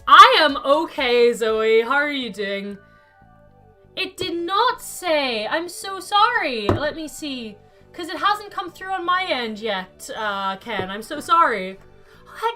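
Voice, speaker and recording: A woman's voice: high voice, bright, forceful tone. A young woman chatting casually to her live-stream viewers while playing a game, thinking aloud and answering chat by name.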